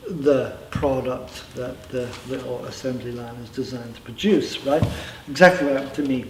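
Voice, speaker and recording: A man's voice: mid-range voice, fairly even intonation, measured pace. A middle-aged man talks through his personal story in an interview, thoughtful and now and then emphatic. His voice sits in a mid range. It was recorded from a distance in an echoey room with a faint hum of ambience behind it. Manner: reflective, with emphatic asides. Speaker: interviewee, former member telling his story.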